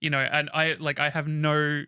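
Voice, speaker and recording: Host: man, fairly high, bright and forceful tone, tumbling excitable delivery, dry close sound. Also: normal speed, clean tone, no room sound. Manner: excitable, rambling, swears casually. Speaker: podcast co-host. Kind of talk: casual chat.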